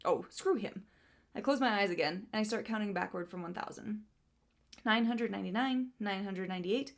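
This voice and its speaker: Amused woman reading book excerpts. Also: medium pitch. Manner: amused, laughs while reading. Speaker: book vlogger. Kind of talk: casual book review reading excerpts aloud.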